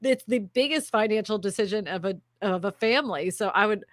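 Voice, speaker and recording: A woman's voice: medium pitch, brisk, dry recording. A middle-aged woman hosting a casual livestream, chatty and laughing often as she tells a story. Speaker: host.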